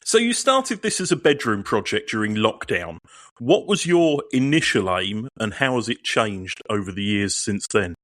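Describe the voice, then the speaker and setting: Male podcast interviewer, low and lively in pitch, measured, dry sound. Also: no echo. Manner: measured, prepared questions. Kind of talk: interview questions.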